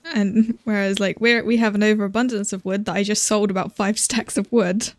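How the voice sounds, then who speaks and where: A woman's voice: mid-range voice, fairly even intonation, brisk, dry recording. A woman chatting casually during a game session, explaining things as she plays. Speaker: co-player. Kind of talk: casual gaming chat.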